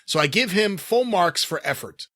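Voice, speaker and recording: A man's voice: sits high, lively intonation, moderate pace, a bit bright, no room sound, studio quality. A man co-hosting a podcast, reading a listener's mocking letter aloud with sarcastic delivery.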